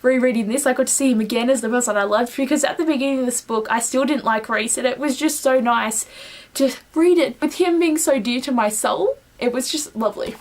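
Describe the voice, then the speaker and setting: Young woman, Australian accent, gushing and excitable, casual swearing, slightly high voice. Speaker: book vlogger. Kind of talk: casual book review chat.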